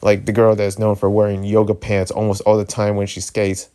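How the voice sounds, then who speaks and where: A man's voice: lowish voice, completely flat delivery, fairly quick, mellow, smooth. A man with a New Jersey accent, chatting casually and rambling on a vlog, often restarting and joking. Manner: rambling, self-interrupting, joking. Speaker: YouTuber. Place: hotel room.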